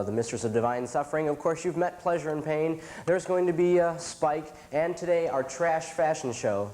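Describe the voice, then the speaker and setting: A man with a stuffed-up nose hosting a campy comedy TV show, making dark jokes with chuckling asides. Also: mid-range voice. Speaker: host.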